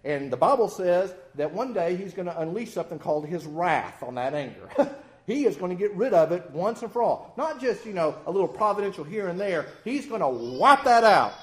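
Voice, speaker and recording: Man preaching, high voice, very lively pitch, folksy and self-mocking. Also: a little fast. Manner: folksy, animated, self-deprecating humor. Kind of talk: sermon.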